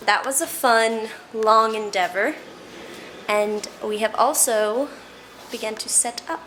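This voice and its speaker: Brief: woman vlog host, chatty and rambling, higher voice, echoey kitchen with background noise. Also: slow pace, a bit bright. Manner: chatty, thinking aloud with fillers. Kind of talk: casual kitchen vlog chat. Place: home kitchen.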